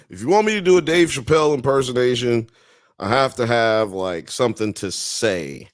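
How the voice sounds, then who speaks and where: This laid-back host, a man from the US South and Midwest, has a mid-range voice with lively intonation and a moderate pace. On his live show he reads chat comments out and riffs on them. The audio is clean studio sound with no echo.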